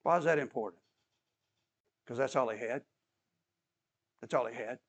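A man's voice: mid-range voice, normal speed. A man preaching a sermon as an emphatic storyteller who repeats key phrases and adds touches of humor.

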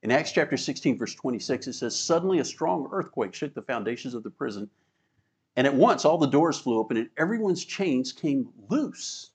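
A man's voice: mid-range voice, animated, a little fast, darkish tone. Male preacher delivering an emphatic teaching sermon, reading verses aloud. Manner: teaching, reads scripture aloud, emphatic, chuckles. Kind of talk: sermon with slides.

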